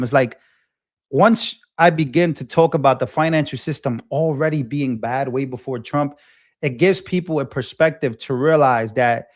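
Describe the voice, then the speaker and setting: A man in his twenties hosting a livestream, talking in an impassioned, animated way and often repeating himself while answering chat. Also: mid-range voice. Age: 20s. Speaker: livestream host.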